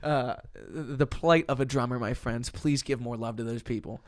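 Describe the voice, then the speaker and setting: A man, hosting a casual podcast chat and telling stories with lively acted-out quotes and frequent laughs. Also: medium pitch, normal speed. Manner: animated storyteller, acts out quotes, laughs often. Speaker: podcast host, musician.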